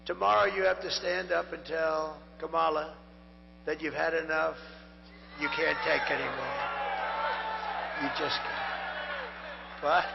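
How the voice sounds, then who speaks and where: An older man speaks at a rally in a raised, gravelly voice that sounds hoarse and worn. He rambles and repeats himself as he drifts from point to point. The sound is dull and lo-fi, with mains hum underneath and a long echo from the big venue. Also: on the high side, fairly even intonation, normal speed, a crowd in the background. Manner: rambling, repetitive and digressive. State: hoarse, strained voice. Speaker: political candidate. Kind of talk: rally speech.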